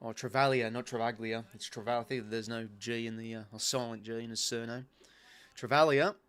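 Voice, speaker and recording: Young Australian man, fan commentary, partisan, casual, mid-pitched voice. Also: fast talker, smooth. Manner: chatty, partisan, excitable bursts. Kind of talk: live watch-along commentary.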